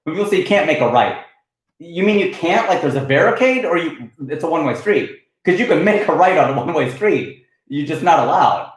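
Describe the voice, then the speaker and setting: A man's voice: a little high, big pitch swings, fairly quick, very echoey, rough recording. A man from Ohio hosting a comedy livestream, arguing animatedly and answering chat comments. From United States, Ohio. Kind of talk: casual livestream rant.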